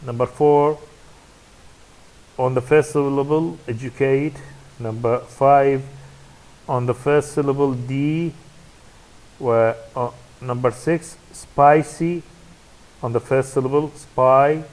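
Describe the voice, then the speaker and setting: Slow-paced man with an Iraqi Arabic accent. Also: medium pitch, fairly even intonation, a little mellow, rough recording. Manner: hesitant, many fillers and restarts. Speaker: university English lecturer. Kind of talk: recorded classroom lecture.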